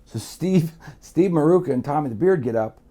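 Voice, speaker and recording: A guest storyteller from Miami, USA, tells candid stories in a blunt, profane, rambling style. His voice is on the high side, expressive and mellow, at a normal speed.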